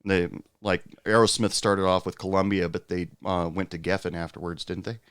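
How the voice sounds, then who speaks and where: A man hosting a podcast interview in a relaxed, chatty way, laughing along often. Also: sits low, moderate pace, clean tone, no echo, studio quality. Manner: laid-back, laughs often, fillers. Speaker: podcast host. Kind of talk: casual interview chat.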